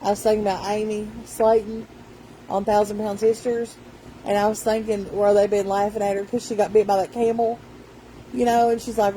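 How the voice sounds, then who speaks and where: Chatty woman, dark voice. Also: medium pitch, flat delivery, moderate pace, a little hiss or hum, rough recording. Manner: rambling, chatty storytelling. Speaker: vlogger. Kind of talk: casual vlog chat.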